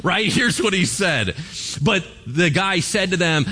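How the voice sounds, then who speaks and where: A man's voice: high voice, expressive, measured pace, sharp tone, breathy edge. A male pastor telling a story in a sermon in a casual, conversational way.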